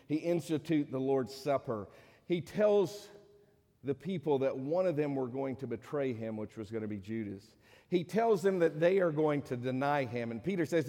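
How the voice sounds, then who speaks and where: A man's voice: moderate pace, mellow. Man preaching in a reverberant hall. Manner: conversational preaching, acts out quoted voices with raised pitch. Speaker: pastor. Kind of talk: sermon.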